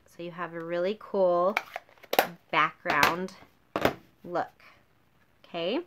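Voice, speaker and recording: A woman's voice: on the low side, fairly even intonation, slow pace, long pauses, background noise. An upbeat woman demonstrating card making in a tutorial, gushing over her favorite supplies. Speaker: craft demonstrator.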